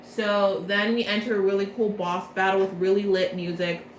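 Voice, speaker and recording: A woman's voice: mid-range voice, little pitch movement. Bubbly young woman recapping a story. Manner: bubbly, jokey, acts out quick character quotes. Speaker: storyteller recapping a game plot. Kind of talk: casual chatty plot recap. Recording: echoey room with faint background noise.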